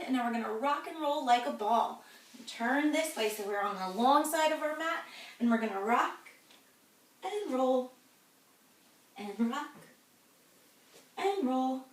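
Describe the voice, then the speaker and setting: A woman's voice: sits high, measured pace. A woman guiding a children's yoga class, cheerful and encouraging as she talks the kids through each pose. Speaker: kids' yoga instructor. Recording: echoey room, voice from a distance.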